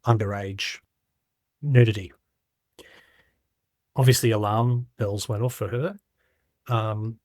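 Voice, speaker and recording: A man's voice: lowish voice, dry recording, clean studio sound. A middle-aged man, a podcast guest, making his points with emphatic stories and rhetorical questions. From Australia. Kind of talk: casual podcast conversation.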